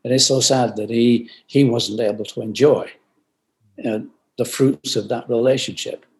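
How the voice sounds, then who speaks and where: An older man talks over a video call, thoughtful and earnest. He circles back to his points with repeated phrases and lets his voice sink into soft, quiet asides. His pitch sits in an ordinary middle range. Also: steady tone, normal speed. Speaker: guest, company founder.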